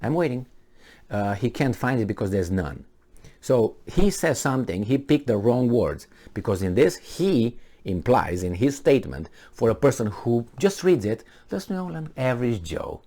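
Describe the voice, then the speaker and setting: A man ranting in a solo commentary, sarcastic and mocking, asking rhetorical questions and often pausing with fillers. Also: mid-range voice, very animated, warm tone. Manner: halting, with frequent fillers and restarts. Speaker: political commentator.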